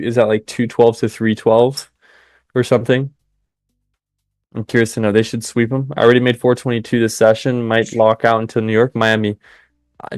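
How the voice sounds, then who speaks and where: A young man hosting a live trading stream, chatting with viewers and cheering the market on in excited bursts. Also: medium pitch, dry recording, clean studio sound. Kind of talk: live trading commentary with chat.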